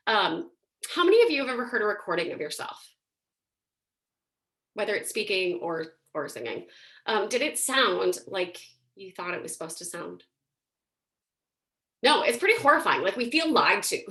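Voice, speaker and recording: A woman's voice: fairly high pitch, a bit bright. A woman teaching a singing and voice workshop in a casual, chatty way, often using fillers. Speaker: singing and voice instructor.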